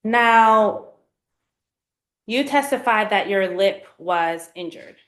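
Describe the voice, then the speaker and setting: A woman's voice: mid-range voice, lively intonation, slow, fairly bright tone. Lady prosecutor questioning a witness, formal, echoey courtroom.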